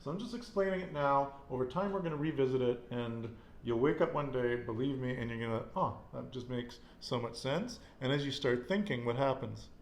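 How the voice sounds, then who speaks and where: A man's voice: mid-range voice, fairly quick, hardly any pauses, echoey room, slight background noise. A man teaching a casual Spanish lesson, patiently repeating words and quizzing his student.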